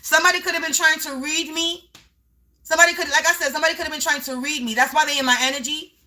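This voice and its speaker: A woman gives a spiritual reading to the camera. Her voice sits high and sounds bright and forward. She talks in emphatic, repeating bursts and sometimes yells. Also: fairly even intonation, quick pace. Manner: emphatic, repetitive, breaks into yelling. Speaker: spiritual reader. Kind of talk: live tarot-style energy reading.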